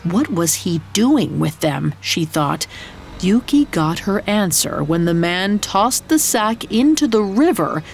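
Slow, gravelly woman narrating a tale. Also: medium pitch, very animated. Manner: slow, dramatic storytelling delivery. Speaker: podcast narrator. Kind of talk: scripted storytelling narration. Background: faint music.

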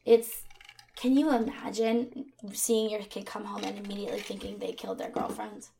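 Gravelly woman recounting a true crime case. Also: medium pitch, fairly even intonation, moderate pace, dark tone, a little hiss or hum. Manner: conversational, with fillers and asides. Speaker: podcast co-host. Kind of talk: true crime podcast narration.

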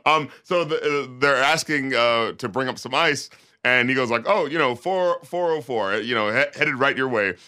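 Bright-voiced rambling man retelling a film. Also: normal speed. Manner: rambling, animated, acts out scenes in low mock voices. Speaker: podcast co-host reviewing a film. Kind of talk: casual chat.

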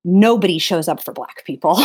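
A woman's voice: on the low side, lively intonation, normal speed, breathy edge. A middle-aged woman talking earnestly in a conversation, emphatic and often restarting her phrases. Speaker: theatre vocal coach.

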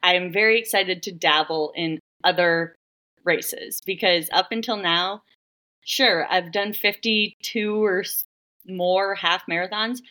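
A woman's voice: lowish voice, unhurried, bright, forceful tone. A woman, a running coach, talking as a guest in a casual interview, chatty and giggly, with lots of "like".

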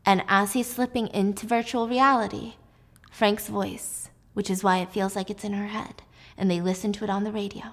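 A woman's voice: mid-range voice, flat delivery, moderate pace. A woman vlogger casually recapping a movie while baking, chatty and playful.

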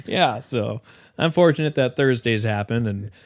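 A man hosting a podcast, chatting casually and telling a story with loud shouted quotes and lots of laughter. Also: mid-range voice, lively intonation, normal speed, dry recording, studio quality. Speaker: podcast host. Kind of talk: casual chat. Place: home, video call.

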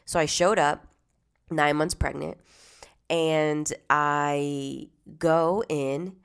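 A low-pitched woman with a gravelly edge to her voice, recounting a personal story about her son. She talks conversationally, often dropping to a hushed tone and growing animated when she is indignant. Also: very slow. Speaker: mother telling her story.

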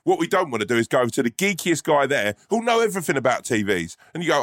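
A man's voice: on the high side, big pitch swings, fast talker, few pauses, a bit bright, dry recording, studio quality. Sweary man ranting. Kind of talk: casual chat.

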